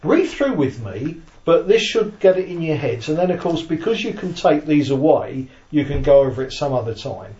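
A man teaching a Bible study class, explaining slowly, checking that listeners follow, and reading his handout aloud. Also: on the high side, sing-song, dark tone. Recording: echoey room, dull lo-fi sound.

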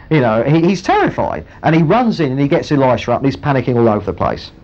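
A man's voice: mid-range voice, fairly quick. Male preacher telling a bible story, voice swinging up and down, bit muffled. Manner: storytelling, animated, acts out the characters. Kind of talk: sermon retelling a Bible story. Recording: muffled lo-fi recording.

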